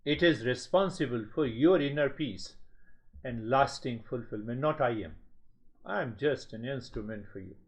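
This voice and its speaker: A man giving a spiritual talk as a teacher, speaking slowly in measured, repetitive phrases. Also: medium pitch. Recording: slightly dull lo-fi sound.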